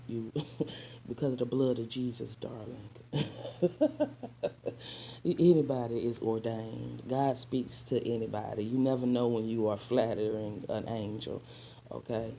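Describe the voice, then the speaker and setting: A sassy woman vlogger, talking straight to her listeners in a casual storytime. Her voice is dark and mellow, and she calls her audience honey and child. She mixes spiritual preaching into her story and now and then drops into soft asides. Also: rumbling low, slight background noise.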